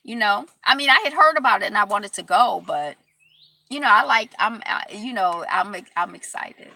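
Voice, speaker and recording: A woman hosting a casual live stream, chatting in a rambling, upbeat way and closing with warm affirmations. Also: medium pitch, expressive, normal speed, vocal fry. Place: Detroit.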